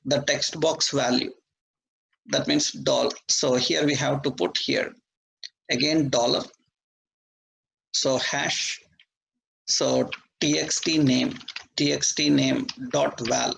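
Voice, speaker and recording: A man's voice: fairly high pitch, creaky, a bit bright, low-quality recording. A male programming instructor walking through code step by step in a live lesson, spelling out names letter by letter.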